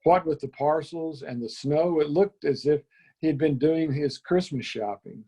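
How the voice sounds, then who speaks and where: A man reading a children's storybook aloud in an unhurried, gentle way. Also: a little high, husky.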